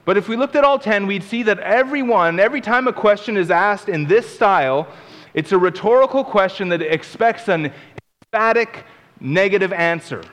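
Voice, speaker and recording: A man's voice: high voice, moderate pace, a bit bright. A man preaching a sermon in a conversational way, explaining scripture and acting out little asides. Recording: long reverb of a large hall.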